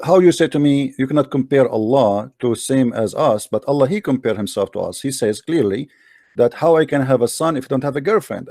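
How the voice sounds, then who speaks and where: A man's voice: medium pitch, warm tone, no room sound, clean studio sound. A man hosting a heated religious debate, arguing insistently in broken English. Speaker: host debating a caller.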